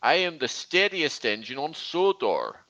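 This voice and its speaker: A man voicing a steady, dependable blue male steam engine with a put-on Scottish accent, introducing himself carefully like a storybook character. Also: fairly high pitch, measured pace, exaggerated voice.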